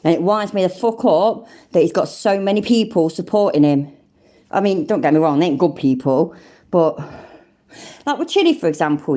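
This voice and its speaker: An older woman hosts a casual live stream and chats to her viewers in a lowish, mellow voice. She swears freely and calls people love and mate. Her talk is loose and full of asides. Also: expressive, normal speed. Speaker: livestream host.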